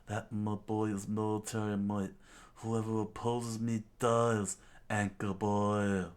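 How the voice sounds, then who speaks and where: A man voicing a boastful armored pirate captain who talks in pompous, booming threats. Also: level tone, slow pace.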